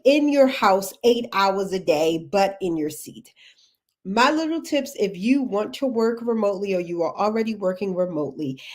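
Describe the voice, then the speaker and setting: A woman's voice: medium pitch, a little mellow. A woman from Texas with a Texan accent, hosting a casual livestream as a career coach, chatty, laughing often and greeting viewers by name.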